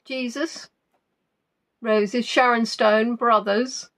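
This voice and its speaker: A woman's voice: on the high side, steady tone, extremely slow, fairly bright tone. Chatty woman hosting a quiz. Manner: chatty and playful, repeats answers aloud, muses between questions. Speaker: quiz host. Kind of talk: live-stream quiz, reading out viewers' answers.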